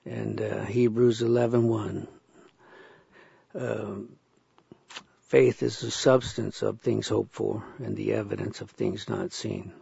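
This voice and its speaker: Man, praying aloud, very slow, deep gravelly fry, halting with fillers. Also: level tone, warm tone, dry recording, highs cut off. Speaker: prayer leader. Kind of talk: spoken prayer.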